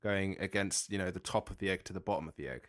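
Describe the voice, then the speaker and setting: A man's voice: sits low, fast talker, dry recording. A man co-hosting a podcast in casual chat, making dry jokes and rambling explanations. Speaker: podcast co-host. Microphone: podcast mic.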